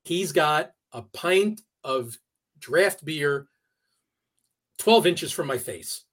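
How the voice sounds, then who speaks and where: Man, podcast guest, higher pitch, halting, lots of fillers, conversational storytelling. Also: lively intonation, a bit bright. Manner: halting, many restarts and fillers. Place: New York area.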